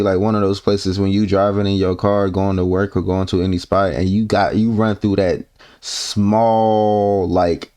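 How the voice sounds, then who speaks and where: Blunt, animated man reacting to clips. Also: fairly low pitch. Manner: blunt, swearing, animated, rambling restarts. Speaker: reaction video host. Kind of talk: casual reaction commentary.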